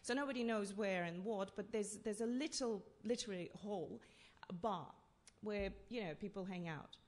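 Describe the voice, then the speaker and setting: A woman from Russia, telling stories as a playwright on a festival panel, halting and full of fillers. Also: mid-range voice, darkish tone. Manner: halting, with many fillers and restarts. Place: festival talk session in a hall.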